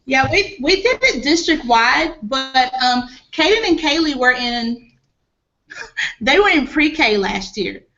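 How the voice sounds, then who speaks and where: A woman's voice: high-pitched, sing-song, slow pace, sharp tone. A woman parent on an online panel, speaking earnestly with many fillers. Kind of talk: casual video-call discussion. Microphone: video call. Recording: dull lo-fi video call audio.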